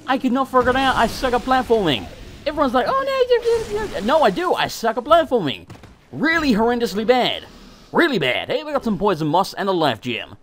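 Swearing, wildly animated gamer guy. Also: sits high, a little fast, slight background noise. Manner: frustrated ranting, frequent swearing, laughs at himself. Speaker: let's play gamer. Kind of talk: gameplay commentary.

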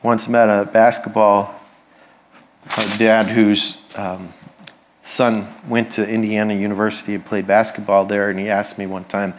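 A man's voice: on the low side, little pitch movement, unhurried, a little hiss or hum. A man, a pastor, preaching a conversational sermon with humorous asides.

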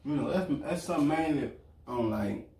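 A man's voice: on the high side, lively intonation, moderate pace, dark tone. Earnest man in an echoey room. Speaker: boyfriend, co-host. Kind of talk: casual couple chat over a meal. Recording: echoey room, mic at a distance.

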